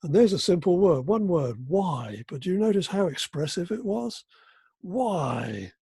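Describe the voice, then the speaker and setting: An older man giving an academic conference keynote, talking haltingly with many fillers and restarts. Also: high voice, lively intonation, mellow, husky, dry recording. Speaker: keynote speaker.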